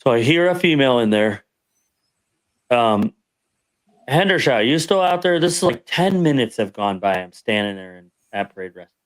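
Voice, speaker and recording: A man's voice: on the low side, animated, moderate pace, clear, resonant tone. A man, a veteran guest on a podcast, telling a story from his service in a casual, rambling way with frequent restarts. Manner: rambling, restarts and self-corrections.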